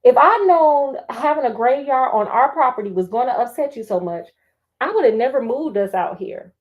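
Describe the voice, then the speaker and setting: A woman's voice: high-pitched, expressive, normal speed, phone-quality sound. A woman doing an exasperated, scolding mother.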